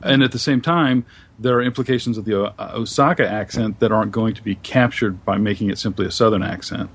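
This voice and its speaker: A man on a podcast panel, speaking thoughtfully and hesitantly with many pauses and ums. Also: lowish voice, husky. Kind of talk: casual panel discussion.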